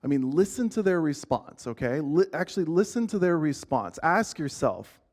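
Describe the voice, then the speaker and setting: A man's voice: on the high side, very animated, moderate pace, a little mellow. A man teaching an informal church lesson in a casual, conversational way, often asking the group questions and restarting his sentences. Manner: frequent restarts and filler words.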